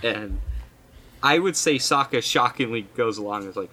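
Bright-voiced young man, laughing as he rambles. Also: mid-range voice, lively intonation, normal speed. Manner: laughs often, lots of fillers. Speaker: podcast co-host. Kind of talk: casual chat over a video call.

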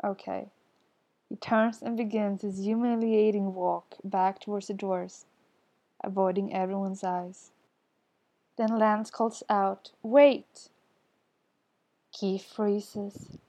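Soft, slow woman reading fiction. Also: medium pitch, little pitch movement. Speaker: podfic reader. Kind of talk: scripted narration.

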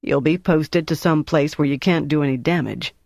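A man as a cool, measured officer. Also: a little high, gravelly, a little mellow, no echo, studio quality. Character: cool, composed male officer. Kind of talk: audiobook character voice.

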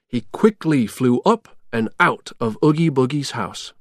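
Slow, expressive storybook narrator. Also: mid-range voice, dry recording, clean studio sound. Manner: slow, clear, expressive reading. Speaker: audiobook narrator. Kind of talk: graded reader storybook narration.

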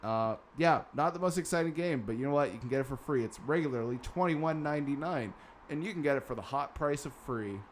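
A man's voice: a little high, animated, a little fast, a little hiss or hum. Sarcastic man chatting gaming news. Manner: sarcastic, swears casually. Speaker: podcast host. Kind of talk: casual gaming news chat.

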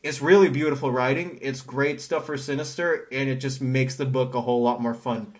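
A man in casual conversation about comics as a podcast co-host. He tells scenes with animation, slipping into characters' voices, at an ordinary mid-range pitch. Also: fairly quick. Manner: animated storyteller, acts out characters' lines. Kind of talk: casual comic book chat.

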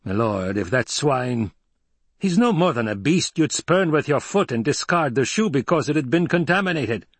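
A man voicing a scarred, vengeful male warrior who rasps and hisses his pleas. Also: mid-range voice, lively intonation, moderate pace, dry recording, pitched above the performer's own voice, natural voice. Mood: bitter pleading. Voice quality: raspy. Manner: hissing, pleading.

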